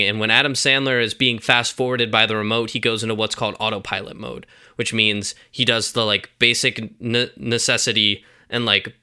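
A man's voice: mid-range voice, bright, forceful tone, smooth. A young man on a casual podcast, retelling a movie plot with lots of fillers and acted-out quotes. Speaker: podcast co-host.

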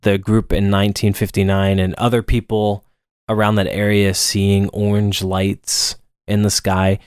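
A man's voice: fairly low pitch, clear, resonant tone, no room sound, studio quality. Laid-back man co-hosting a podcast. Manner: relaxed, laughs often, quick asides. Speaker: podcast co-host. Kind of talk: casual film recap chat.

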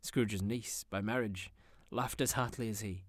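A man narrating a classic story in an expressive, theatrical manner. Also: lowish voice, normal speed, dry recording, studio quality. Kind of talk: audiobook narration.

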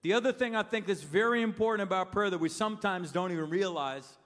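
A man's voice: very high-pitched, a bit bright. An older man preaching a sermon in a church, telling stories and asking the crowd questions. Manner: storytelling, asks the crowd questions. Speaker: pastor. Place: church sanctuary. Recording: long reverb of a big hall.

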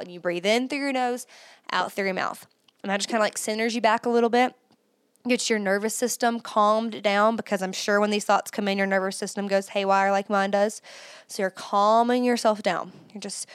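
A woman's voice: mid-range voice, a little fast, smooth, no echo, clean studio sound. A woman hosting a faith-based podcast, talking earnestly and emphatically as she coaches listeners through spoken affirmations. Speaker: podcast host.

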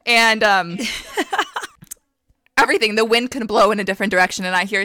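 A woman co-hosting a casual faith podcast, telling animated stories and laughing often. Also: medium pitch, normal speed, pauses often, no room sound, clean studio sound. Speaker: podcast co-host.

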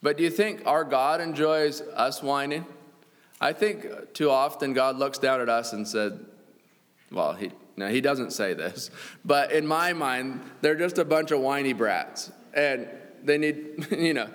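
A man's voice: mid-range voice, a little slow, fairly bright tone. Man preaching in a reverberant church. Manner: earnest, reads scripture aloud, chuckles now and then. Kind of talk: sermon.

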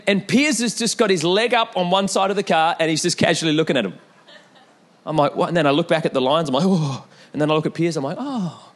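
A young male pastor preaches with lively energy. He calls out to the congregation again and again and breaks into stories along the way. His voice sits a little higher than most men's. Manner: animated preaching with repeated calls and storytelling asides. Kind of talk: sermon.

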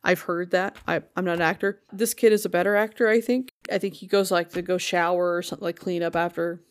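A woman's voice: fairly low pitch, fairly even intonation, fast. A woman co-hosting a podcast, recapping a TV show in casual chat and acting out the characters' lines as she retells scenes. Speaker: podcast co-host.

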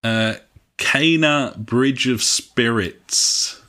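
A man's voice: medium pitch, very slow, bright, forceful tone. A man co-hosting a casual gaming podcast, chatty and swearing freely between filler sounds. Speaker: podcast co-host.

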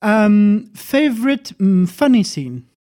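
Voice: medium pitch, very animated, takes it slowly, warm tone. A podcast host in casual chat, teasing the guest lightly.

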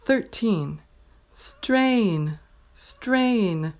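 A woman teaching pronunciation, slowly reading a numbered word list and saying each word twice with careful clarity. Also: lowish voice. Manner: says each word twice, clearly and deliberately. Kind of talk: slow dictation of a word list.

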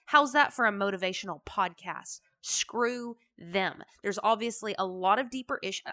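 A woman's voice: medium pitch, normal speed, bright, forceful tone. A woman hosting a motivational podcast, talking in a chatty, emphatic, folksy way. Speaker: podcast host.

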